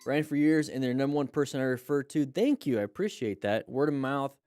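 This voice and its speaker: A man's voice: mid-range voice, fairly quick, darkish tone, soft background music. A man hosting a casual livestream as a riding instructor, upbeat and chatty, greeting viewers by name and reading out comments.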